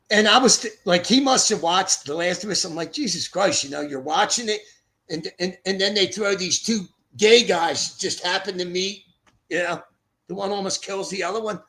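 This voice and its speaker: A man's voice: high voice, moderate pace, fairly bright tone. An older man from Philadelphia hosting a livestream, chatting in a blunt, profane, rambling way. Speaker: livestream host. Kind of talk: rambling casual livestream chat. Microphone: streaming setup mic.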